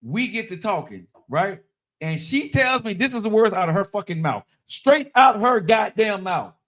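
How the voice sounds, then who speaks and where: A man in his thirties telling a profane story in a lively, dramatic way, checking in with "right?" again and again. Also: high-pitched, normal speed. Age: 30s. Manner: animated, dramatic, repeats "right?". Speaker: storyteller on a live-streamed talk show.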